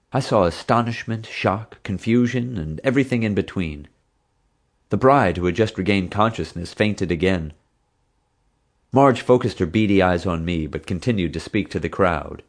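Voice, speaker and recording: A man narrating an audiobook in an expressive, dramatic manner. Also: deep voice.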